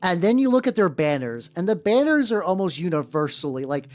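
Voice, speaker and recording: A woman's voice: lowish voice, big pitch swings, fairly quick, darkish tone. A woman chatting casually on a live stream while painting miniatures, rambling with lots of fillers and casual swearing. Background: faint background music.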